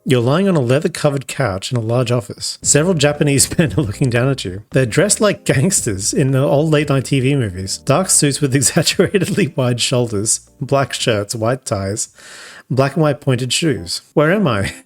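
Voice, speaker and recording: A man's voice: mid-range voice, animated, moderate pace. A man with an Australian accent, a streamer reading an adventure gamebook to chat, laughing often and adding chatty asides.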